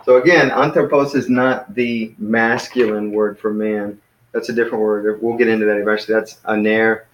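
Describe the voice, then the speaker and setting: A man teaching a small Greek class in a casual way, explaining step by step and patiently, with many pauses and fillers. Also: fairly low pitch, steady tone, slight background noise. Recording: echoey room.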